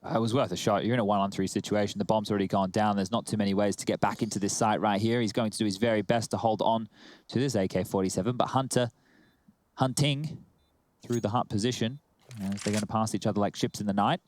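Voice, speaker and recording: A man with an Australian accent calling a competitive shooter match, mixing fast play-by-play with joking banter. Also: lowish voice, fairly even intonation, a little mellow, no room sound, clean studio sound. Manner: joking banter between calls. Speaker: esports caster. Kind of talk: play-by-play commentary.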